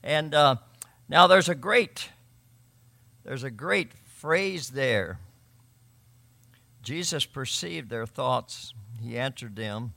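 A man preaching a sermon, emphatic, swinging between loud and quiet and often repeating words. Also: medium pitch, expressive, slow pace, vocal fry, pauses often. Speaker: pastor.

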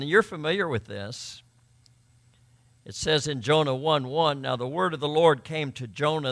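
A man preaching a sermon as pastor, building to emphatic, forceful peaks. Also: mid-range voice, creaky.

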